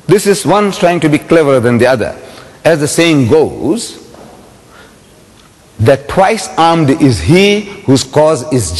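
A man giving a public lecture, telling a story and firing rhetorical questions at his audience in a lecture hall. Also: fairly high pitch. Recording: long hall reverb.

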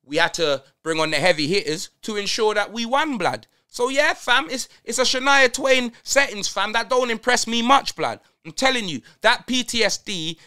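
A man's voice: high-pitched, normal speed, hardly any pauses, clear, resonant tone. A young man with a London accent, ranting casually about his football team in heavy slang. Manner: animated slang-heavy rant, constant fillers. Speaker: football fan vlogger. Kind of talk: casual fan reaction rant.

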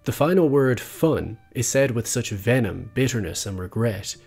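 A man narrating a scripted video essay in a measured, analytical way. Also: mid-range voice, animated, creaky, a little mellow, slightly rough. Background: faint background music.

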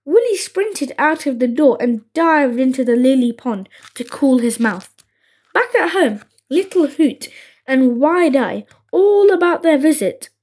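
A woman narrating a children's storybook in a slow, expressive reading. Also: high-pitched.

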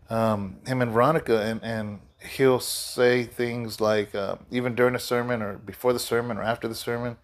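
A middle-aged man, a pastor, giving a casual devotional talk in a loose, rambling way with many fillers and restarts, sleepy and yawning. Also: medium pitch.

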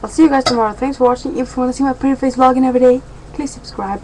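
A woman's voice: high voice, steady tone, racing, darkish tone, slight background noise, rough recording. Chatty young woman vlogging at home. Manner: chatty, rambling and playful. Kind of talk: casual daily vlog.

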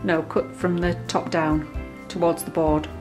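A woman's voice: lowish voice, flat delivery, unhurried, loud music behind the voice. A woman, the vlogger's mother, giving brief practical cooking directions in a home kitchen. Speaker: vlogger's mother helping cook. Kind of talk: instructing.

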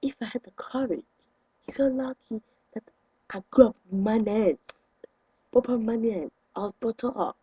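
A young man, ranting indignantly to his camera in a vlog, with sudden loud outbursts. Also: extremely high pitch, normal speed, long pauses, slightly rough, no room sound, dull audio. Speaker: vlogger.

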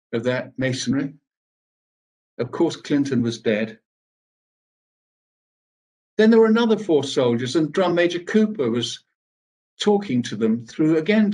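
A man's voice: on the high side, a little mellow. Grave older man recalling at a podium. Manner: measured, grave storytelling with pauses. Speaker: speaker at a veterans' event. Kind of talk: personal recollection in a speech.

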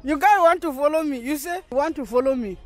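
A woman with a high voice talks fast as she vlogs on a handheld phone while walking through an outdoor market. She's chatty with viewers and laughs a lot, and background music plays under her voice.

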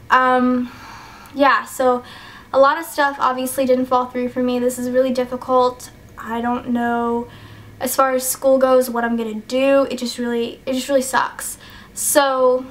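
A teenage girl chatting in a casual vlog, rambling and hesitant with many fillers, choked up and sniffly. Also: high voice. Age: teens. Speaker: YouTuber.

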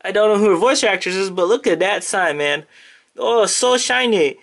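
A man giving casual unboxing commentary on a trading card deck, excitable and swearing often as he gushes over the cards. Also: high-pitched, brisk. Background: crinkling packaging and clicks.

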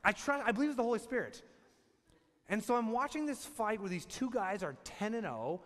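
A man preaching a sermon as the pastor, telling a story in an animated, humorous way. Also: high voice, a little fast, long reverb tail.

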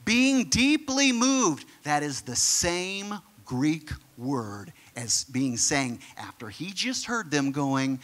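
Bright-voiced, animated male preacher. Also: high-pitched, takes it slowly, hardly any pauses. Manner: animated, conversational preaching with acted-out quotes. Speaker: pastor. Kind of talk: sermon.

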